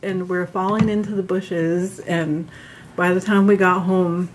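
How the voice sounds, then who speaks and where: A woman's voice: on the low side, fairly even intonation, a little slow, low-quality recording. A woman telling a story in a casual podcast chat, chatty and giggling as she goes. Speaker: podcast co-host. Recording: loud background noise and clicks.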